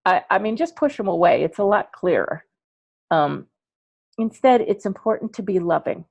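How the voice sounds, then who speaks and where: A woman coaching parents in an online class, chatty and animated, acting out little dialogues as she explains. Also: medium pitch, normal speed, gravelly, breathy edge, dry recording. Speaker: ADHD coach teaching parents.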